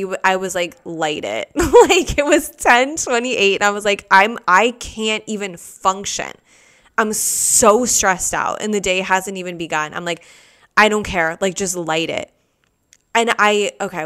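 A young woman with a smooth, clear voice tells a story from her own life on her podcast. Her talk is loose and rambling, with constant fillers and restarts. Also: medium pitch, fairly bright tone. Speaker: podcast host. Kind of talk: casual storytelling monologue.

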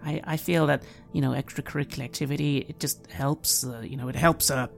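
A man narrating a tabletop role-playing game as game master, in a halting, hesitant way. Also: mid-range voice, fairly even intonation, creaky, soft background music.

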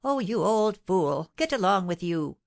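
A woman voicing a shrill, vindictive middle-aged porter's wife who screams and scolds. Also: measured pace. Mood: shrill scolding.

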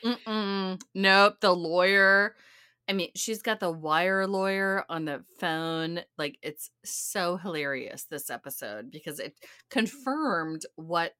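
A woman's voice: on the low side, slow pace, sharp tone, clean tone, no room sound, clean studio sound. A woman co-hosting a casual podcast, laughing often and repeating quotes for emphasis. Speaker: podcast co-host. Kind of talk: casual chat.

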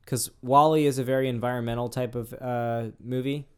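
A man's voice: mid-range voice, fairly even intonation, brisk, clean tone. A man co-hosting a casual theme-park podcast, joking and chatty. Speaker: podcast co-host. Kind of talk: casual chat.

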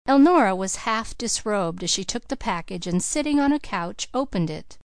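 A woman's voice: medium pitch, expressive, normal speed, no echo. Woman reading a classic novel aloud. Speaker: audiobook reader. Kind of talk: scripted narration of a classic novel.

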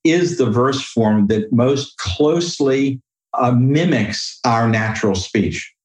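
A man's voice: mid-range voice, slow, echoey room, low-quality recording. A man being interviewed, talking in a hesitant, thoughtful way and reciting verse with feeling. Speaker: guest. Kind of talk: conversational interview.

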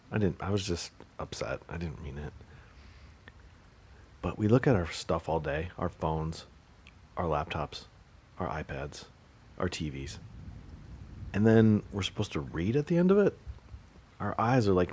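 A man with a deep, husky voice hosts a solo podcast. He rambles through sarcastic, joking rants and now and then bursts out loudly. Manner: sarcastic, joking rants with sudden loud outbursts. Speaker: podcast host.

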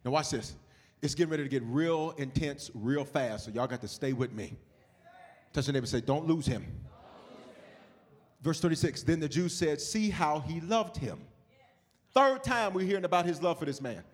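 High-voiced preaching pastor, man. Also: animated, normal speed, long pauses. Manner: swings from shouted preaching to low hushed storytelling. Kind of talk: sermon.

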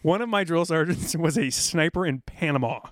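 A middle-aged man telling rambling, animated army stories in a casual podcast chat, now and then acting out drill sergeants. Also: a little high, normal speed, no echo, studio quality. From South Dakota, USA. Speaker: podcast guest, military veteran.

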